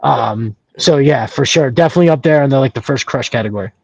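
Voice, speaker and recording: A man's voice: mid-range voice, fast talker, gravelly, no echo, rough recording. A man who is a guest on a casual podcast chat, talking in a reflective way and searching for his words.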